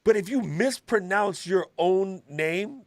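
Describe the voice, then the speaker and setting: Animated man from Hawaii, dry sound. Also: high-pitched, slow, no echo. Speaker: co-host of a DJ livestream. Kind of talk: casual chat.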